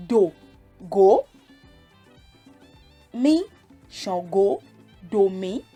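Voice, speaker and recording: A woman's voice: mid-range voice, a little mellow. A woman teaching a language lesson, patiently explaining step by step and sounding out syllables. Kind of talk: casual spoken lesson.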